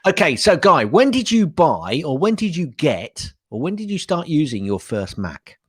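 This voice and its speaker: A man co-hosts a podcast in loose, casual chat. His voice rises and falls in a lively way, and he often repeats words as he rambles. The sound is dry and close. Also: on the high side, moderate pace, breathy edge, dry recording. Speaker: podcast co-host.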